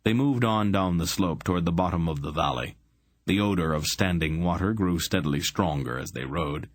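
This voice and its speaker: A man reading an audiobook in steady scripted narration. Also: deep voice, normal speed, dry recording.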